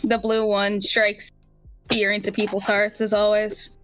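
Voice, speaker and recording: A wry, chatty woman co-hosting a podcast over a call. Her voice is bright, with faint music behind her. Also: mid-range voice, monotone, unhurried, smooth. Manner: chatty, wry, trailing fillers. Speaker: podcast co-host. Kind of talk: casual chat.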